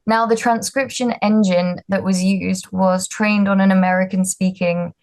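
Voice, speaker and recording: A woman's voice: medium pitch, steady tone, moderate pace, a little mellow. A woman, a startup founder telling her story in a casual interview, chatty and self-deprecating with frequent ums and likes. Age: 20s.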